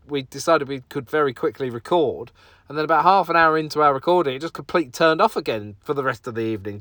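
A man's voice: fairly high pitch, pushed and bright, no room sound, clean studio sound. Rambling man hosting solo. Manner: rambling, self-deprecating, sweary. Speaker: podcast host. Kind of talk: casual solo podcast chat.

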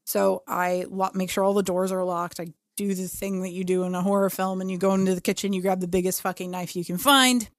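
A woman's voice: medium pitch, fairly quick, hardly any pauses, no echo, clean studio sound. A young adult woman co-hosting a podcast, telling a personal story casually, swearing freely and acting out what people said. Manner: animated, swears freely, acts out quotes. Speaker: podcast co-host.

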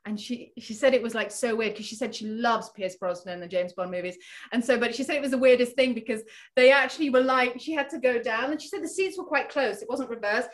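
An actress being interviewed, chatty and animated, laughing often as she tells an anecdote. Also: on the high side, fast. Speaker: actress guest. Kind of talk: casual interview chat.

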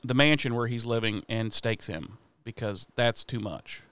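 A man co-hosting a podcast, casually recapping a TV episode in a profane, animated way. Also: medium pitch, moderate pace, clean tone, no echo. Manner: profane, animated retelling with quoted voices.

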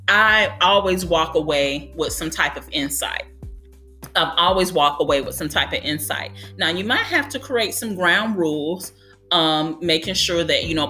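Speaking in a lowish voice that sounds pushed and bright, a woman offers earnest, encouraging advice on her podcast for childcare educators. It's a conversational monologue, and "you know" comes up often.

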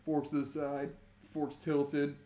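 A man's voice: a little high, monotone, slow pace, mellow, a little hiss or hum. A young man in casual chat, swearing often and laughing as he tells stories. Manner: profane, laughing storyteller.

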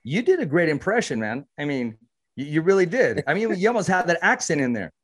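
A male podcast host with a slightly raised pitch talks earnestly with his boxer guest. He often stumbles and repeats himself while he gathers his questions. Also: big pitch swings, fairly quick. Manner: earnest, repetitive, stumbling restarts. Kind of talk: casual interview.

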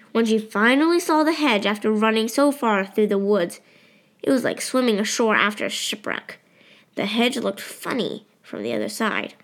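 A woman narrating a novel in a steady, expressive storytelling manner. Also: on the high side. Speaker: audiobook narrator. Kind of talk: scripted narration.

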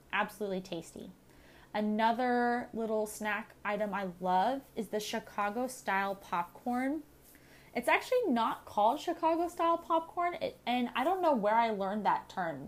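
A young adult woman chats alone on her podcast, rambling quickly from one thing to the next. She talks fast, pokes fun at herself, and keeps an easy, casual tone throughout. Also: mid-range voice. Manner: chatty, fast-talking, self-deprecating. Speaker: podcast host. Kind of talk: casual solo podcast chat.

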